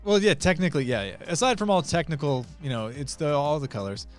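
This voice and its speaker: A man co-hosting a casual live podcast, relaxed and a bit self-deprecating, hedging his opinions. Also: on the high side, fast, soft background music. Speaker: podcast co-host. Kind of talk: casual live-stream chat.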